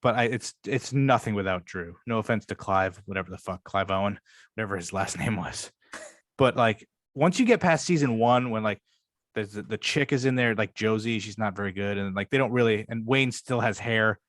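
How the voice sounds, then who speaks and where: A man's voice: fairly low pitch, normal speed, a bit bright, no room sound, clean studio sound. Rambling, profane man in casual chat. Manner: rambling, profane, enthusiastic retelling. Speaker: podcast co-host.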